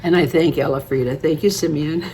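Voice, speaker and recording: A woman's voice: low voice, steady tone, brisk, mellow, slight background noise. A woman in her eighties chatting casually to camera, rambling through stories and laughing often. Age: 80s. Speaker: beauty vlogger.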